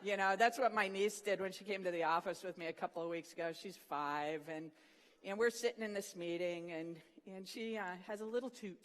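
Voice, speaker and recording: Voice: mid-range voice, a little fast, big-room sound. A speaker at a morning session of a Christian student program, telling a funny story in a devotional talk and acting out the quotes. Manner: animated storyteller, acts out the quotes.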